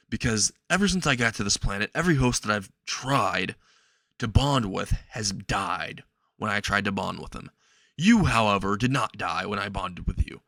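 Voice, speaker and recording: A blunt, clingy male alien symbiote, as a man puts him on for a homemade fan story. He explains things flatly and matter-of-factly, in a low-set voice with a dry, close sound. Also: no room sound. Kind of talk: improvised fan-fiction narration.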